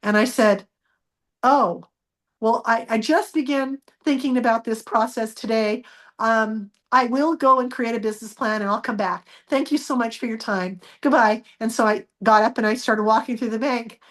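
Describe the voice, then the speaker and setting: A woman telling a personal story as a guest, acting out the dialogue with lively changes of voice. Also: on the high side, normal speed. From United States. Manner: animated, acts out quoted dialogue.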